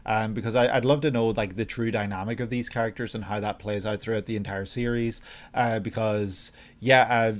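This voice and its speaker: A man's voice: lowish voice, steady tone, fairly quick. A man hosting a reaction video, thinking aloud in casual commentary with frequent hesitations.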